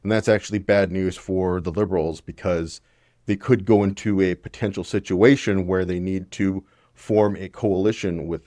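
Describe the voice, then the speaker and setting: Casting: young guy, deep voice, dry close mic, blunt casual political commentator. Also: a little mellow, no echo. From Canada. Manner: opinionated and conversational, blunt with occasional swearing.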